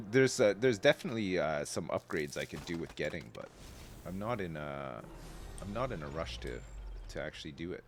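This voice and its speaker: A man in his thirties chatting casually with viewers as a game streamer, rambling loosely from thought to thought. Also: lowish voice. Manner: rambling, chatty, answers chat, swears casually. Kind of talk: casual live-stream chat while gaming. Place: home streaming setup.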